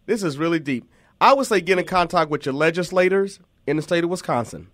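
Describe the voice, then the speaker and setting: A man's voice: on the high side, expressive, fairly quick, a bit bright, no echo, studio quality. A man hosting a community talk show, speaking emphatically and encouragingly, often repeating words.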